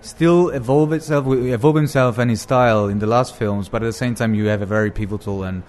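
A man's voice: mid-range voice, steady tone, fairly quick, darkish tone, slight background noise. A man co-hosting from a hot room at a film festival, chatting casually about films in a rambling, hesitant way. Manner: rambling, hesitant, many restarts and fillers.

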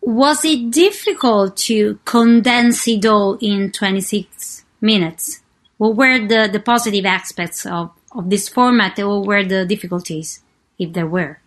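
A woman's voice: medium pitch, measured pace. A woman interviewing a filmmaker for a festival radio, asking curious, prompting questions.

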